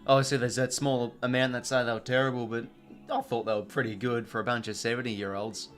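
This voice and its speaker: A man's voice: mid-range voice, little pitch movement, fairly quick, soft background music. A young Australian man hosting a live watch-along stream, chatting casually, full of fillers and greeting viewers from chat.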